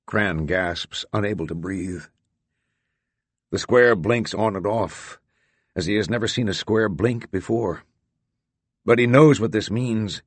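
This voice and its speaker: A man reads science fiction aloud as an audiobook narrator, slow and unhurried, with a husky edge to his lower voice. His delivery is measured and deliberate, and the recording is dry and close. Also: dry recording.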